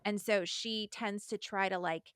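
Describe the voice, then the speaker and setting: A woman guest talks through ideas with a bright, clear voice, full of filler words as she thinks aloud. Her tone is chatty and thoughtful. The recording is dry and close. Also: mid-range voice, fairly even intonation, measured pace, dry recording. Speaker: podcast guest. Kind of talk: casual analysis chat.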